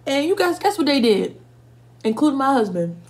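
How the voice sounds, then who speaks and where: A woman's voice: high-pitched, sing-song, normal speed. A woman in her twenties telling casual, profane stories while eating for a mukbang video, stopping now and then to react to spicy food. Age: 20s. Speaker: mukbang vlogger.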